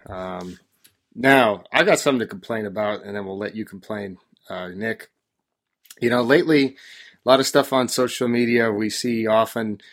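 A man's voice: fairly low pitch, moderate pace. A man hosting a podcast, ranting in an exasperated, joking way. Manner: ranting, exasperated complaining with laughs. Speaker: podcast host. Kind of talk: casual chat.

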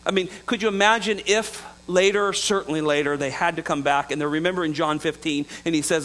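High-voiced man preaching a sermon. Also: a little fast, few pauses, a bit bright, poor audio. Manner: conversational preaching with chuckles and acted-out dialogue. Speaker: pastor. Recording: mains hum in the background.

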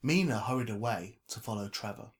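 A man narrating a novel in an even, measured storytelling voice. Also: fairly low pitch. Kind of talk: audiobook narration.

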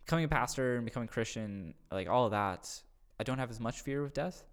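A man who works as a youth pastor, chatting on a podcast in a casual, agreeable way. His voice sits at a middle pitch. He leans on "yeah" and "like" as he puts questions to his co-host. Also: fast talker, clear, resonant tone. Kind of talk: casual faith chat, asking questions.

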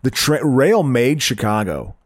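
A man's voice: mid-range voice, very animated, measured pace, dry recording, studio quality. A man co-hosting a podcast in casual chat, often restarting his words and laughing easily. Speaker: podcast co-host.

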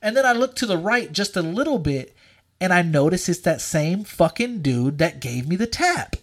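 A young man telling a story in casual chat, with a lively, swinging pitch. He swears constantly, gets animated, and bursts into loud quoted lines. It sounds like a loose podcast conversation between friends. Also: normal speed. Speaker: podcast co-host.

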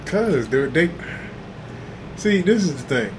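Man, podcast co-host, very lively high voice, noticeable background noise. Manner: slow, emphatic, laughing asides. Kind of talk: casual podcast chat.

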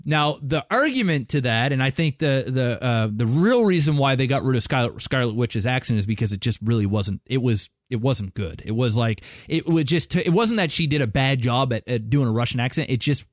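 Co-hosting a gaming podcast, this man talks in a rambling, halting way, full of fillers and restarts and casual swearing. His medium-pitched voice has lively intonation. The sound is clean studio quality without echo.

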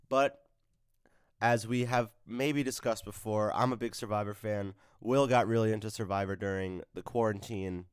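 A man's voice: lowish voice, clean tone, dry recording, studio quality. A man co-hosting a podcast in casual chat, slightly congested and laughing easily. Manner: laughs easily, relaxed and jokey. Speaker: podcast co-host.

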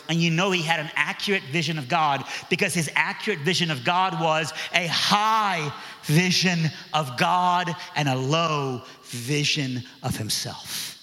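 A man's voice: on the high side, measured pace, sharp tone. A man preaching a sermon, telling a story in a conversational way with frequent restarts. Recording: echoey hall.

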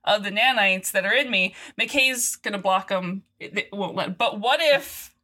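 A woman co-hosting a podcast, recapping a TV episode in animated, quick casual chat. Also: medium pitch. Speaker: podcast co-host.

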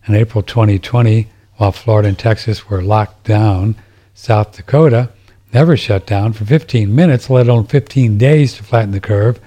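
A man's voice: fairly low pitch, mellow. A man hosting a podcast from home, reading listener messages and chatting casually, rambling with frequent restarts. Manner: rambling, with many restarts and fillers. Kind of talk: casual chat. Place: home, seated in a chair.

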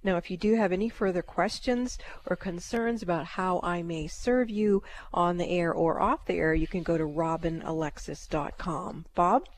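A woman's voice: on the low side, moderate pace, hardly any pauses. A woman hosting a metaphysical call-in radio show, chatty and prone to giggling. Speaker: radio host, psychic. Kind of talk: radio talk.

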